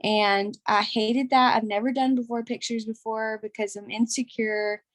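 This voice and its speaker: A woman's voice: a little high, flat delivery, moderate pace, dry recording. Emotional, rambling young woman. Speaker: caller sharing a testimonial. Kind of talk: casual testimonial on a group call.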